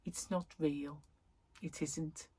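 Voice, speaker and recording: A woman's voice: deep voice, steady tone, takes it slowly, warm tone, slightly rough, dry recording. A middle-aged woman hosting a crochet vlog, chatting casually to camera in a rambling way, with lots of ums and self-corrections.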